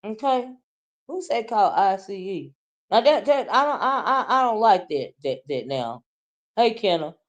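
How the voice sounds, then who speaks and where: A woman hosting a casual livestream. She teases loudly, sometimes sinking into low, quiet mutters and then bursting up into shouts. She talks straight to her viewers. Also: animated, a little slow. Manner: loud, teasing, swings from low mutters to shouting. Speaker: livestream commentary host.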